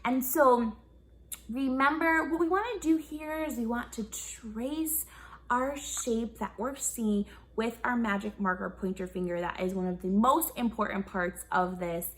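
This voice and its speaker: A woman's voice: on the high side, measured pace. Upbeat young woman teaching kids music. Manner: upbeat, encouraging, asks kids questions. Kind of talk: online kids' music lesson.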